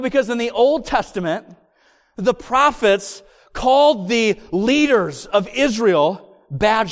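A man preaching a sermon in church, reading scripture slowly and building to emphatic points. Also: very high-pitched. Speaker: pastor. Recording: long reverb of a church hall.

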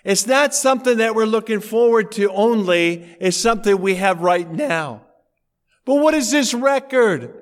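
A man's voice: high-pitched, expressive, measured pace, in a large hall. A male pastor preaching a sermon in a church auditorium, talking in a conversational way and telling anecdotes.

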